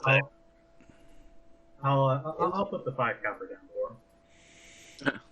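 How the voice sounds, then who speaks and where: A man playing a tabletop game speaks as his character, stammering and politely declining. His voice is bright, and the recording sounds dull and lo-fi. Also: mid-range voice, animated, unhurried, slight background noise. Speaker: player.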